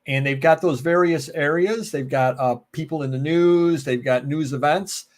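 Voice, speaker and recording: A man's voice: a little high, moderate pace. An American man hosting a live stream alone, chatting casually, joking, going off on tangents and answering viewer comments. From United States. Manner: rambling, joking, goes off on tangents. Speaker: live show host.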